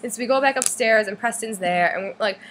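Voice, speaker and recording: Young girl rambling thru a story, kinda high voice, says like constantly, faint hiss behind. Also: brisk, a bit bright. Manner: chatty, full of "like", acts out others' lines in a squealy voice. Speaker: fan recounting a concert trip. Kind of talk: casual storytelling vlog.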